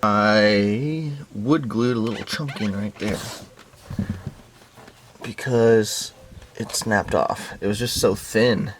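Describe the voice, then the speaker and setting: A man with a lowish voice talks slowly through a camper floor repair, half to himself and half to the viewer. He sounds a little winded from the heat inside the camper, and a faint hiss sits under his voice. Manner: unhurried, talks to himself while working. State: out of breath. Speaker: DIY restoration vlogger. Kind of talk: casual work commentary. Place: inside a hot vintage camper.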